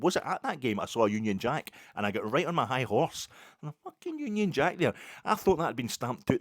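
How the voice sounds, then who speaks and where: A Scottish man telling a rambling football story in a casual, animated way. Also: on the low side, dry recording, clean studio sound. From Scotland. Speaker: podcast host.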